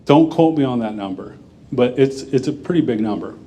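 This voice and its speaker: A man's voice: medium pitch, lively intonation, fairly quick, mellow. A man speaking plainly and conversationally, answering audience questions at a forum. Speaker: guest speaker.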